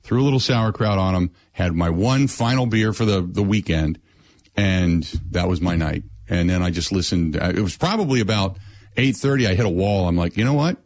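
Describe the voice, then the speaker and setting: Host in his middle years, animated storyteller, close dry mic. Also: low-pitched, normal speed, no echo. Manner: animated storyteller, acts out his own lines. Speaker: radio show host. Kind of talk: casual chat.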